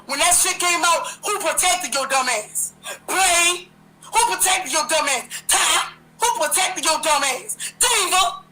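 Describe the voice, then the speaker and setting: A woman's voice: very high voice, measured pace, bright, forceful tone, a little hiss or hum, rough recording. A woman hosting a livestream, delivering a heated, profane, confrontational rant full of repeated jabs. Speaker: livestream host.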